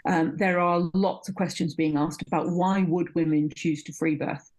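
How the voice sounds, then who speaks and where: A middle-aged woman with a fairly low voice speaks as an interview guest. She talks with conviction and leans on repeated phrases to drive her points home. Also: fairly even intonation, moderate pace, darkish tone. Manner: passionate, emphatic, repeats words when stressing a point. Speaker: midwifery teacher and guest. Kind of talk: conversational interview.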